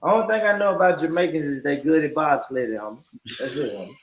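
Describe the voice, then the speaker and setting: A man's voice: on the high side, fast talker, low-quality recording. Joking man, a crowd behind him. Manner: joking, loose drawling slang. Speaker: podcast co-host. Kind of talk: casual banter.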